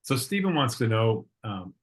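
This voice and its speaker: Husky-voiced male podcast host. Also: medium pitch, big pitch swings, moderate pace. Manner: laughs often, reads out listener questions.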